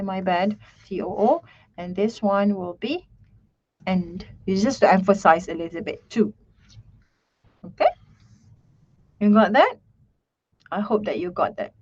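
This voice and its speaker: A woman teaching English grammar in an online lesson, slowly repeating herself and checking in with "right?" and "okay". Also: mid-range voice, darkish tone, dull audio.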